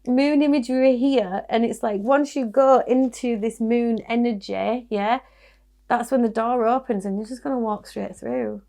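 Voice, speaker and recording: Yorkshire woman tarot reader, musing and reassuring, a bit of vocal fry. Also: on the high side, steady tone, moderate pace, warm tone. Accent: Yorkshire English. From Yorkshire, England. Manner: chatty, musing, reassuring, with small laughs and restarts. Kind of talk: casual tarot card reading.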